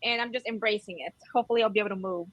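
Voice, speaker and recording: A woman, co-hosting a casual podcast chat, expressive and exclaiming. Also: medium pitch, racing, no echo, lo-fi sound. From Georgia, US. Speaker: podcast co-host.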